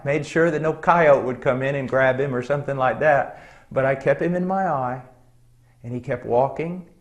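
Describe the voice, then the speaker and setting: Earnest middle-aged preacher, slightly higher voice. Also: male voice. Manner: earnest, conversational, with frequent ums and soft chuckles. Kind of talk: sermon with personal story.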